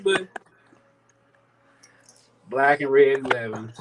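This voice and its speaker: A man in his thirties from St. Louis tells a sneaker story, swearing freely in a loose, animated way. His voice sits in a middle register. A faint hiss of noise runs behind him. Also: mid-range voice, moderate pace. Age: 30s. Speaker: sneaker battle contestant. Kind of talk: casual storytelling chat.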